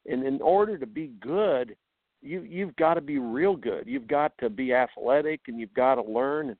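Animated man telling stories over the phone. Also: medium pitch, normal speed, no echo. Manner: animated, repeats words when excited. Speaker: coach. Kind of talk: casual storytelling. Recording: tinny phone line.

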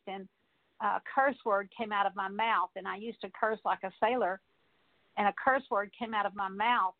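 An older woman Bible teacher, earnestly teaching and then leading a repetitive prayer of confession and deliverance. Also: fairly high pitch. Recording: tinny phone-like sound.

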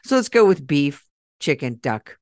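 A woman hosting a podcast in casual chat, talkative and retelling what others said with animated quoting. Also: sits low, unhurried, dry recording, studio quality. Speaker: podcast host.

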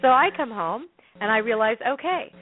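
A woman's voice: a little high, animated, normal speed. Chatty Canadian woman on a phone line. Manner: chatty, laughing, acts out her own quotes. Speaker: interview guest. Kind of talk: animated storytelling in conversation.

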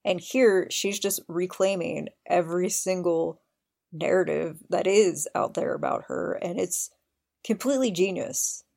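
A woman's voice: fairly low pitch, a little slow, vocal fry, darkish tone. A woman hosting a podcast, eagerly recounting scenes in detail with open admiration. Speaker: podcast host. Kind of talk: casual chat.

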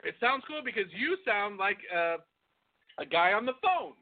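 Podcast co-host, middle-aged man, high and animated, joking and profane, calling in on a tinny phone line. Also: moderate pace. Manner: laughs often, loose and profane. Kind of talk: casual chat. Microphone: phone call.

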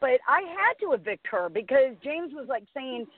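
A middle-aged woman hosting a casual chat, telling stories in an animated way and acting out what others said. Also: high-pitched, normal speed, dry recording. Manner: animated storyteller, acts out quotes. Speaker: host. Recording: tinny phone line.

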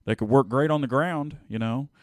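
A man's voice: mid-range voice, normal speed, no room sound, clean studio sound. A middle-aged man co-hosting a casual wrestling podcast, rambling with lots of filler words. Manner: rambling, many "you know" fillers. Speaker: podcast co-host.

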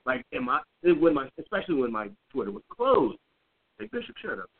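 A man co-hosting a podcast, telling a story in casual chat with blunt, profane, animated delivery. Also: mid-range voice, normal speed. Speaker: podcast co-host. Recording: tinny phone-like audio.

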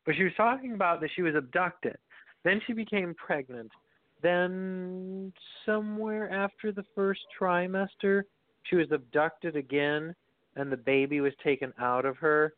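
A man's voice: high-pitched, a little slow, no room sound. A man co-hosting a podcast in casual chat, telling loose stories and laughing often. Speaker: podcast co-host. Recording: dry, tinny phone-like audio.

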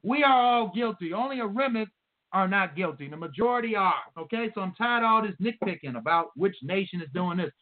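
High-pitched guy preaching hard, reading bible verses slow, tinny phone sound. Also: expressive. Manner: emphatic, reads scripture slowly and repeats verse numbers. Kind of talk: sermon.

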